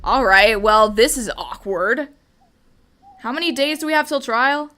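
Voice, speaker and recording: A woman's voice: fairly high pitch, a little slow, sharp tone. Chatty woman playing a game. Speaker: let's play host. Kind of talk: casual game commentary.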